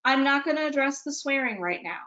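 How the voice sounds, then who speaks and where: A woman's voice: sits high, animated, brisk, sharp tone, muffled recording. A woman presenting a webinar talk for parents, talking conversationally with dry, self-mocking humor and often checking in with "okay?". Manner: conversational, punctuates points with "okay?".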